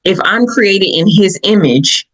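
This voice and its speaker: A woman from Michigan with a Southern accent, hosting a podcast and telling personal stories in an animated way, laughing often. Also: mid-range voice, a little slow, low-quality recording. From Michigan, USA. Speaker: podcast host. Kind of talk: personal reflective talk.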